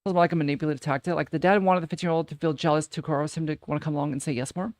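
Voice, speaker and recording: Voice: mid-range voice, fairly even intonation, rapid-fire, a little mellow, dry recording, studio quality. A streamer in casual reaction commentary, reading posts aloud and ranting about them in a profane, incredulous way with lots of repeated phrases.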